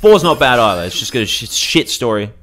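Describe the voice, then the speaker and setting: A young man hosting a let's play, ranting through his gameplay commentary in a profane, animated way. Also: mid-range voice, brisk. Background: faint game music.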